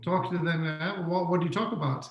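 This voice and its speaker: A man's voice: fairly high pitch, steady tone, fairly quick, reverberant, highs cut off. A man giving an online talk on leadership who keeps asking the audience questions and repeats his key points. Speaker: webinar speaker on leadership. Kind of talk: interactive online lecture.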